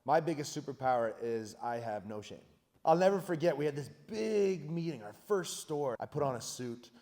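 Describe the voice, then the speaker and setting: A man in his thirties, a founder on a conference panel, telling stories in an energetic, self-mocking, emphatic way. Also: mid-range voice, normal speed. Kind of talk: animated panel storytelling. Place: conference hall. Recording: reverberant hall.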